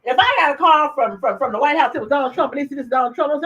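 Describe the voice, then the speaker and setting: A woman co-hosting a casual talk show, blunt and quick to laugh, cursing freely. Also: sits high, expressive, fairly bright tone, shouting, faint music behind. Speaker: co-host. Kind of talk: casual chat.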